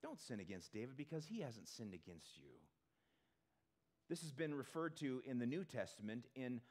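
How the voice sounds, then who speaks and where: A male pastor giving a conversational sermon to a congregation in a church, talking in an animated way. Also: mid-range voice. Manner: animated, acts out quick character voices.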